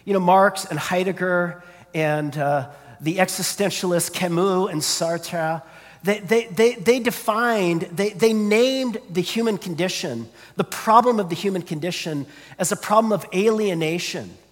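High-voiced preacher in a reverberant hall. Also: male voice, measured pace. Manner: earnest, repeats words when starting sentences. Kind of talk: sermon.

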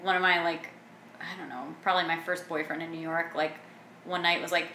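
A woman's voice: fairly low pitch, flat delivery, fairly quick, sharp tone. A young adult woman co-hosting a podcast, chatting casually and animatedly, swearing now and then. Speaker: podcast co-host. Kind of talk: casual chat. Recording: echoey room with faint noise.

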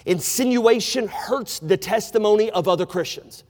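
Male preacher, high voice, emphatic sermon delivery, recorded in a big hall with a long echo tail. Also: fast talker, hardly any pauses. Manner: emphatic, swings from loud preaching to hushed asides.

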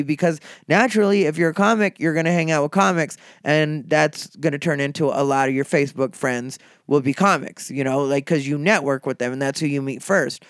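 A middle-aged stand-up comedian talking in a casual, profane and combative monologue. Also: male voice, a little high, a little fast, hardly any pauses, smooth, no echo, clean studio sound.

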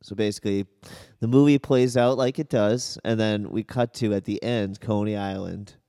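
A man's voice: on the low side, steady tone, normal speed, dark tone, smooth, no echo, clean studio sound. A man in casual podcast chat, telling his version of events in a laid-back way. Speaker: podcast co-host.

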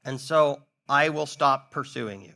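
A man's voice: medium pitch, a little slow, vocal fry, bright, forceful tone. A man voicing a proud king who admits his guilt in a humbled tone. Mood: remorseful. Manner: humbled, confessing. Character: Saul, remorseful proud king.

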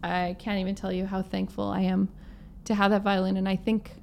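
A woman's voice: medium pitch, level tone, brisk, vocal fry, darkish tone, slight background noise. A woman from Manitoba, a guest musician, telling a story in a casual interview and acting out the quoted lines in her own voice. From Manitoba, Canada. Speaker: guest musician, violinist and singer.

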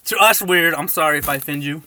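A young man hosting a podcast, casually telling stories and giving shout-outs. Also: on the high side, fast talker, slight background noise. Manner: laid-back storyteller, gives shout-outs. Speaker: podcast host. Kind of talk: casual chat.

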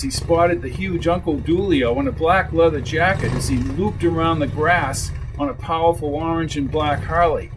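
A man reading a crime novel aloud as audiobook narrator, steady and measured. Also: on the high side, poor audio. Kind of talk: scripted narration.

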